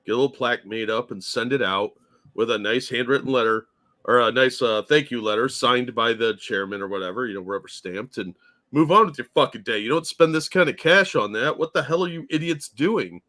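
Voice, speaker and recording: A man's voice: medium pitch, a little fast, sharp tone. A man co-hosting a casual political talk stream, blunt and profane as he rants.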